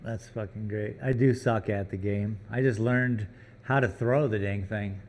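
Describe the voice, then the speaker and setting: A man's voice: lowish voice, fairly even intonation, a little slow, a little hiss or hum. Joking, chatty man on a live stream. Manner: joking, chatty, teases his puppy. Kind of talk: casual live-stream chat. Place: art gallery workroom.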